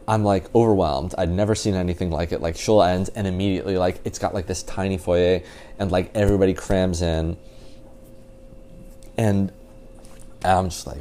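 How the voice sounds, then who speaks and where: A man's voice: low-pitched, mellow, slight background noise. A man in his twenties telling a story as a podcast guest, rambling with lots of "like" and laughing easily. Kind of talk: casual storytelling chat.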